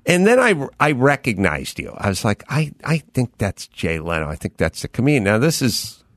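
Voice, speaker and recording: A man's voice: mid-range voice, huge pitch swings, moderate pace, dry recording. A middle-aged man hosting a podcast, telling a rambling, self-deprecating story on a close studio mic. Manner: rambling, self-deprecating, quotes his own thoughts. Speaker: podcast host. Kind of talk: casual storytelling chat.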